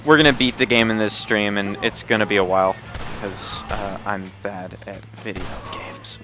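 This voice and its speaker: A man's voice: on the low side, fairly even intonation, normal speed, music in the background. A man joking around while playing a video game on a stream, urging his character along and teasing the game. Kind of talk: casual gameplay commentary.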